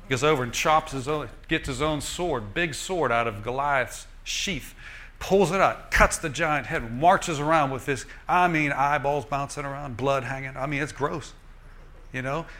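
A man preaching a sermon in a lively, folksy way, joking and asking the crowd "Amen?". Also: mid-range voice, normal speed.

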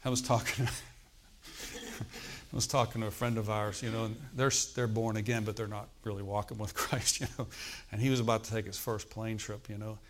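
A man's voice: lowish voice, level tone, normal speed. A man preaching a sermon, telling a personal testimony in a conversational way and often checking in with the congregation. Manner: conversational preaching, frequent "Okay?" check-ins.

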